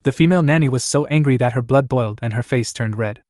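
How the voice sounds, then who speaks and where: A man reading a story recap as scripted narration, in an even, plain voice. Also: mid-range voice, quick pace, no room sound, studio quality.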